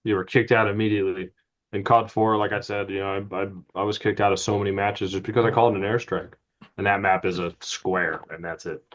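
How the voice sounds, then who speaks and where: A man's voice: fairly low pitch, steady tone, a little fast. A man co-hosting a gaming podcast in casual, profane chat, laughing often. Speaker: podcast co-host. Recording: dull lo-fi sound.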